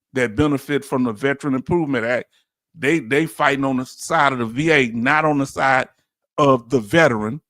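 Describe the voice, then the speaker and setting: A man with a Southern Louisiana accent giving an animated, preachy commentary as host, full of rhetorical questions and chuckles. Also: mid-range voice, no echo, clean studio sound. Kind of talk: casual commentary monologue.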